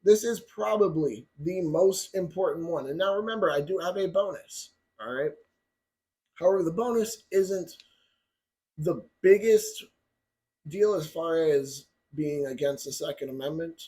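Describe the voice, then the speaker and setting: Blunt, heated man with a high voice. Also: unhurried, dark tone. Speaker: gun channel vlogger. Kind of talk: ranting commentary.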